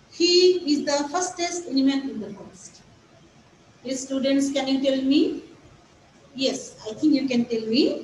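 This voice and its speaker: A woman's voice: high voice, a little mellow, a little hiss or hum. A woman with a Bangladeshi English accent, a native Bengali speaker, teaching an English grammar lesson to young pupils and patiently repeating each step. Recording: echoey room, voice far from the mic.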